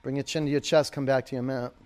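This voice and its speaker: A man's voice: mid-range voice, level tone, fast, darkish tone. A man teaching a live yoga class, calling out poses, counting down holds and coaching students by name.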